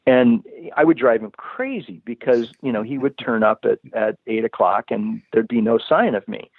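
A man's voice: mid-range voice, normal speed, no echo. Man, rambling storyteller, restarts a lot, thin phone-line sound, dry and close. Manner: rambling, full of restarts and "you know". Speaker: guest telling a life story. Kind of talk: casual storytelling.

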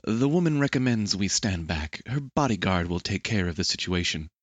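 A man doing a calm formal interpreter. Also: low voice, moderate pace, no echo, highs cut off.

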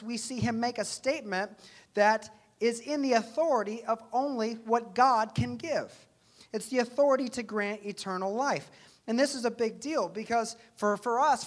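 A pastor preaching a sermon in a church, earnest and conversational, often asking rhetorical questions. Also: medium pitch.

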